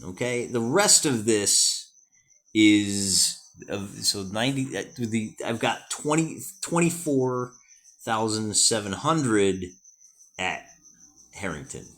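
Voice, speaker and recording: A man's voice: lowish voice, animated, slow, fairly bright tone. An American man hosting a solo wargame session, chatting casually and thinking aloud as he works out sums and rolls dice.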